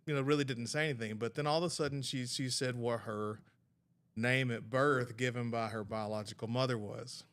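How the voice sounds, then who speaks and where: A man's voice: medium pitch, fairly bright tone. A man, a podcast producer, talking earnestly in a casual studio conversation and telling a heartfelt story.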